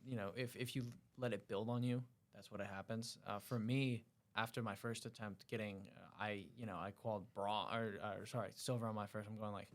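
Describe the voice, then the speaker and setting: A young man with a lowish voice rattles through his story at a fast clip. He is a cadet guest on a casual podcast, and he tells it in a lively way. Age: young adult. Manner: quick, animated storytelling.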